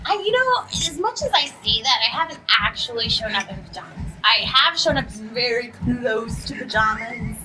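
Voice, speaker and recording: In a convention press room, a lively young woman, a voice actress and anime script writer appearing as a guest, gives casual answers to the press. Her highish voice bounces through animated, bubbly stories with quick asides. Music runs behind her, and the audio is poor.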